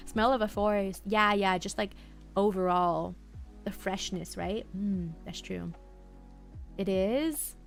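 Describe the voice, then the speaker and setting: Young female streamer, gentle low-key delivery, mid-pitched, soft music bed behind. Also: slow pace, creaky. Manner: soft-spoken, mumbling, drifting thoughts. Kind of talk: relaxed live-stream chat. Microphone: headphones half off, desk mic.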